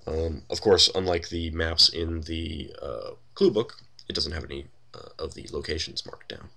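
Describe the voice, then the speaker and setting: A man with a very low, gravelly voice that has a bright edge, commenting casually on a computer role-playing game. He thinks aloud with a wry tone and fills his talk with ums and uhs. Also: moderate pace. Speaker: let's play host.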